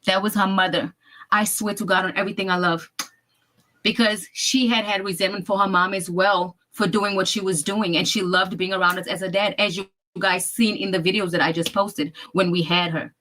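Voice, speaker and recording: A woman's voice: medium pitch, fairly even intonation, moderate pace, fairly bright tone. A woman with a mid-range voice tells a family story with lots of drama. She retells it vividly and acts out other people's words as she goes. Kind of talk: personal storytelling in a video.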